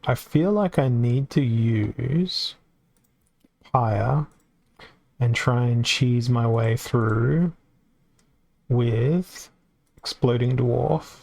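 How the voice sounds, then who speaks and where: A man's voice: medium pitch, very slow, gravelly, long pauses, a little mellow. A man with an Australian accent giving casual live-stream commentary on a card game, chatty and reacting aloud as it plays out.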